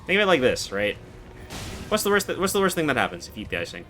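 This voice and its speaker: A man in his twenties streaming a game, chatting casually and answering chat in a relaxed, monotone way. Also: on the high side, fast, soft background music. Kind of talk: casual live-stream chat while gaming.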